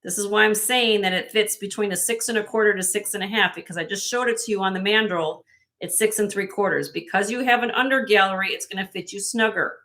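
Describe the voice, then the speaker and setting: Fast-talking and forceful, this woman has a bright, mid-range voice. As host of a live jewelry sale online, she pitches in a chatty, salesy manner and speaks straight to buyers by name.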